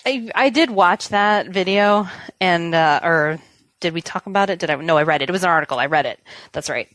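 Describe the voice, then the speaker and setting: A woman's voice: on the low side, brisk, a bit bright, dry recording. A woman co-hosting a gaming podcast, chatty and self-deprecating, often laughing. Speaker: podcast co-host. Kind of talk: casual chat.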